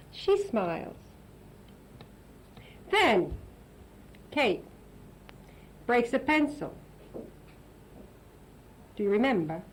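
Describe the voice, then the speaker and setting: A woman's voice: medium pitch, slight background noise, rough recording. A woman hosting an English lesson for Italian learners, chatting and explaining, now and then translating into Italian. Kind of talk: casual classroom teaching.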